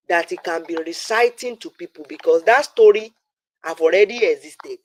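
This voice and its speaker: A man's voice: high voice, normal speed, no echo, low-quality recording. A man with a Nigerian accent arguing on a live stream, pressing his point with repeated fillers. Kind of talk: heated live-stream debate.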